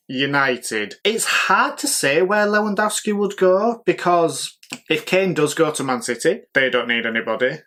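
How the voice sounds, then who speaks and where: A man runs through his football opinions in a relaxed solo talk, voice sitting at an ordinary middle pitch. He is opinionated and keeps firing rhetorical questions at his listeners. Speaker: football podcast host.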